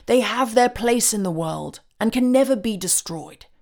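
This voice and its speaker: A woman's voice: on the high side, normal speed, gravelly, voice pushed up. A woman reading Santa Claus, kindly and musing. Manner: musing, calm.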